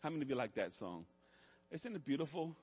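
A man preaching a sermon as pastor, building from soft, quiet passages to shouted, repetitive refrains. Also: medium pitch, sing-song, quick pace, husky. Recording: long hall reverb.

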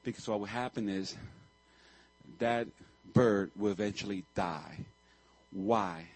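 A male pastor preaching a sermon, telling a story with animated swings and sudden loud outbursts. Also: on the low side, slow, husky, dry recording, rough recording.

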